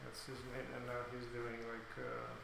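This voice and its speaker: Calm man with a gravelly voice. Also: medium pitch. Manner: calm, measured, lots of fillers. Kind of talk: casual chat. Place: big room, echoey. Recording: very echoey room, faint noise.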